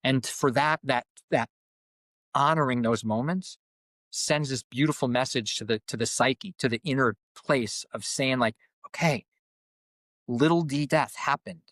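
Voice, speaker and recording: Earnest coach, dry close sound. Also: male voice, medium pitch, unhurried, a bit bright, no room sound. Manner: earnest, repeats words as he searches for them. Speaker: coach and group facilitator. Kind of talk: reflective podcast conversation.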